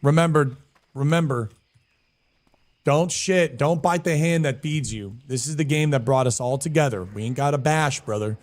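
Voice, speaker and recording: Animated man streaming to his chat. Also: a little high, normal speed. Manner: animated, slangy, talks back to chat. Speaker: streamer and guild leader. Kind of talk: casual live-stream chat with viewers.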